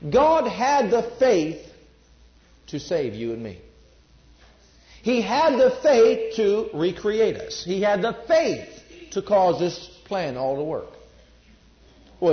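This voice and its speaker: A man preaching in an emphatic sermon style, his voice a touch higher than most men's. He repeats key phrases and throws questions out to his listeners. The recording is roomy and a little muffled.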